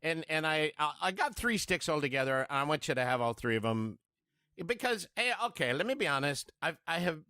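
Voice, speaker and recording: A man's voice: fairly high pitch, big pitch swings, a little fast, sharp tone, clear, resonant tone, no room sound, studio quality. A man playing a tabletop game, hesitant and full of fillers as he describes his actions. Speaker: player. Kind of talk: in-character tabletop banter.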